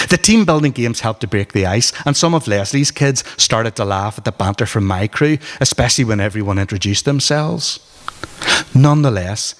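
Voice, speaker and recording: A man with a Northern Irish accent reading aloud from his memoir at a book launch, in a dry, wry storytelling manner. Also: mid-range voice. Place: arts centre hall at a book launch. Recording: reverberant hall.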